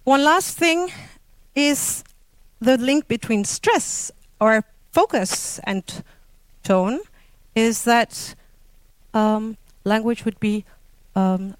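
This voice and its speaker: A woman's voice: fairly high pitch, drawn-out words, long pauses, clear, resonant tone, no echo. A woman with a Dutch accent, a native Dutch speaker, giving an informal talk on linguistics in English, hesitant, with many fillers and self-corrections. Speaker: lecturer.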